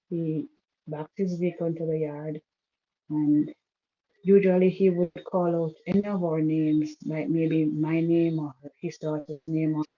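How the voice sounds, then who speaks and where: A woman caller on a call-in show, softly and haltingly telling a painful personal story, with many restarts. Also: low voice. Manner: soft-spoken, halting with restarts. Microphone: phone call. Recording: muffled poor phone line.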